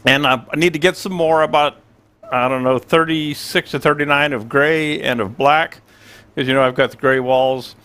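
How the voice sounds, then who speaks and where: A man in his sixties chats loosely on a livestream from his small home studio, and his voice sits a little high for a man. He rambles through stories and plays out both sides of the conversation himself. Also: steady tone, normal speed, pushed and bright, clear, resonant tone. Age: 60s. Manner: rambling storyteller, acts out both sides of dialogue. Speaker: livestream host. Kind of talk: casual livestream chat.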